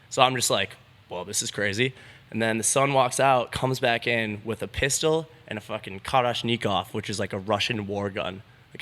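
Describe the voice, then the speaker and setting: A man's voice: lowish voice, bright, forceful tone. A young man, a BMX rider, telling a story as a podcast guest in a laid-back way, swearing freely and filling with "like". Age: young adult. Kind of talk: casual storytelling.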